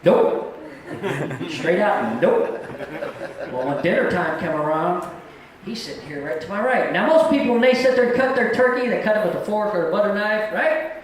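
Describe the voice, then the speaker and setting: A man's voice: high-pitched, lively intonation, brisk, very echoey, a crowd in the background, low-quality recording. A middle-aged man doing a live stand-up set on a comedy club stage, telling stories in a plain-spoken, folksy way.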